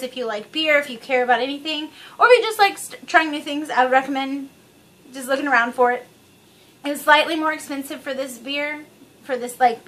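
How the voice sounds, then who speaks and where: A woman's voice: sits high, fairly bright tone. A woman vlogging to camera, chatty, rambling and frankly profane. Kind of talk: casual chat to camera.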